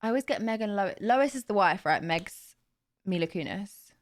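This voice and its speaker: A woman's voice: medium pitch, moderate pace. A young British woman livestreaming, chatting casually and playfully with viewers, laughing often. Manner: giggly, chatty, playful, animated with hand gestures.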